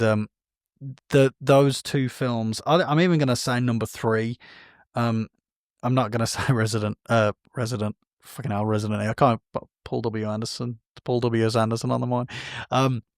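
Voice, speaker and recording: A man's voice: medium pitch, steady tone, moderate pace, dry recording, studio quality. A man, co-hosting a podcast and chatting casually about film news in a rambling, self-correcting way. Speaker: podcast co-host.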